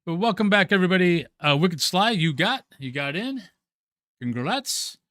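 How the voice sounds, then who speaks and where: A man streaming a video game, talking casually and chattily with his viewers and swearing loudly when startled. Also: high-pitched, animated, normal speed, dry recording. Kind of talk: gaming stream commentary.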